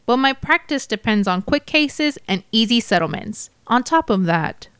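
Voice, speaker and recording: Woman reading a jaded ambulance-chasing lawyer, wry hard-boiled narration, smooth and dry. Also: a little high, lively intonation, moderate pace, a bit bright, no echo. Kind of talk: audiobook narration.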